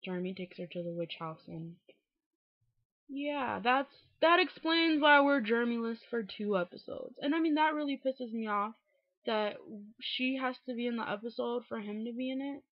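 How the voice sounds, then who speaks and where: A woman's voice: on the high side, moderate pace, no room sound. A woman recapping a TV episode in a casual vlog, frank and exasperated, swearing freely and filling with "like" and "um". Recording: dull, dry home recording.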